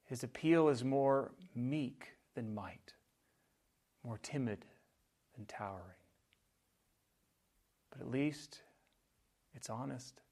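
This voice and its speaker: A man preaching a sermon, measured and earnest, often dropping to a soft, quiet voice on key phrases. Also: medium pitch. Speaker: pastor.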